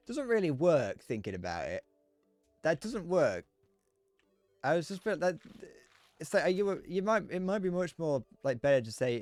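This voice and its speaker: A man streaming a game, rambling and joking as he thinks out loud, often restarting his sentences. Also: a little high, very animated, moderate pace, dry recording, soft background music. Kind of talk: casual gameplay commentary.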